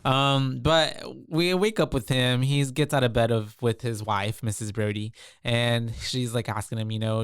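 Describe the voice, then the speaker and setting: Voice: mid-range voice, fairly even intonation, normal speed, few pauses, smooth, no room sound, clean studio sound. A podcast co-host casually recapping a movie, rambling with lots of fillers.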